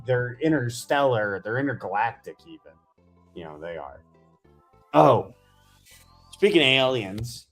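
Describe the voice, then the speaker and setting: A man hosting a casual miniature-painting chat, rambling enthusiastically as he tells stories. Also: medium pitch. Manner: chatty, rambling, enthusiastic storyteller.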